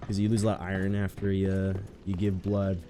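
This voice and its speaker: A man's voice: low voice, monotone, fast talker. A man streaming a video game, rambling in casual commentary with sudden yelps. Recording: noisy stream recording.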